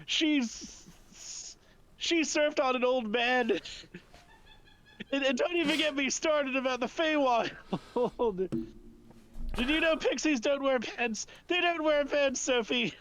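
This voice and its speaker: A man voicing an excitable young woman adventurer who babbles in breathless run-on bursts while playing a tabletop game. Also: mid-range voice, slow, slight background noise. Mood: excited.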